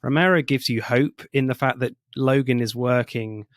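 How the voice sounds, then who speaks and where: A man's voice: medium pitch, normal speed, dry recording, studio quality. A man co-hosting a film podcast, going through a movie's scenes in a casual, analytical way. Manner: analytical, retells scenes at length. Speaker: podcast co-host.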